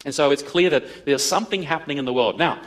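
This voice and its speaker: A man telling a story to an audience, acting out the dialogue in an animated way. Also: a little high, fast. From Australia. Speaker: speaker addressing an audience. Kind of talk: storytelling talk.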